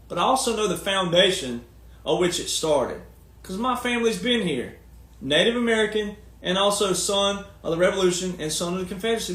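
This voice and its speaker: A man's voice: high voice, fairly bright tone, reverberant. A man talking in a long, casual monologue, folksy and emphatic, firing off rhetorical questions. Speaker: commentator and speaker.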